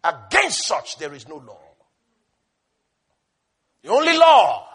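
A man delivers a sermon in a strikingly high, bright voice. A husky grain runs through his speech. He swings from loud shouted refrains to hushed asides, laughing and repeating his key words. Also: wildly swooping pitch, slow. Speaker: preacher.

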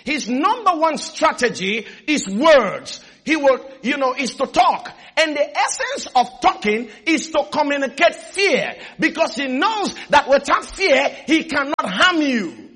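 A male pastor preaching a sermon, calling on his congregation for responses and raising his voice to shouts. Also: extremely high pitch, sing-song, unhurried, few pauses.

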